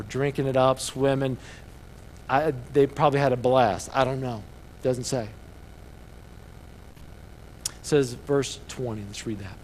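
A man, the pastor of a church, preaching a sermon that swings from fired-up bursts to quiet, personal asides. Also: medium pitch. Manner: preaching with rising excitement and quieter reflective asides.

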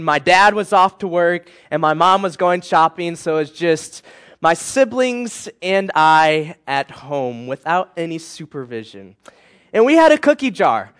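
A tired young man preaching to a youth group, telling a personal story with animated swings between loud and hushed. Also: sits high, clean tone.

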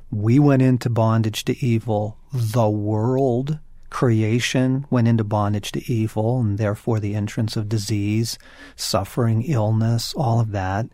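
Earnest man with a low voice, teaching. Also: dark tone, dry recording, clean studio sound. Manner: earnest, emphatic, preacherly. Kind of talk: conversational Christian teaching.

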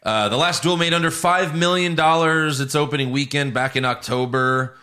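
Bright-voiced wry male podcast host. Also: a little high, normal speed. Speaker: podcast co-host reading entertainment news. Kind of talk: casual news banter.

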